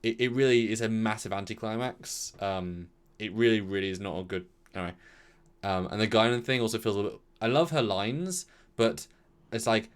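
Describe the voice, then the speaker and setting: With a fairly low, clear and resonant voice at a moderate pace, this co-host talks through an episode in a relaxed review chat. He often repeats himself and performs quotes in animated asides.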